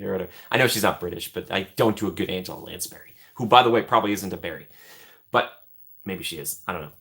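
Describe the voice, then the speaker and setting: A man hosting a live stream, rambling casually and joking as he thinks out loud while reading the chat. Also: lowish voice, quick pace.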